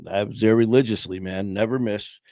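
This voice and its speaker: A Michigan man in his sixties hosts a podcast, spinning loose, profane stories packed with "man" and "you know" in a casual storytelling interview. His lowish, mellow voice stays fairly even and fairly quick, captured dry and clean on a streaming podcast mic in studio conditions.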